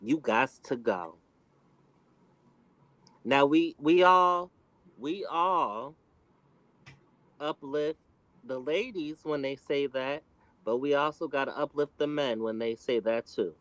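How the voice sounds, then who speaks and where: A man's voice: on the high side, slow, a bit bright, no room sound, low-quality recording. A man on a panel speaking emphatically in casual commentary. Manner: emphatic, acts out quotes.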